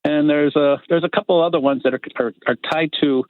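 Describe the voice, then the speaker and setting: A man calling into a radio show, chatting casually in a halting, rambling way and laughing easily. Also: on the high side, steady tone, no room sound. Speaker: caller. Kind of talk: casual phone-in chat. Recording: dry, tinny phone line.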